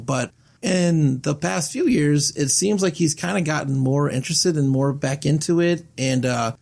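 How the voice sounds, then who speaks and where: Male podcast host, gravelly voice, loose rambling chat. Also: a little high, a little slow. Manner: rambling, animated, swears casually. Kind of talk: casual chat.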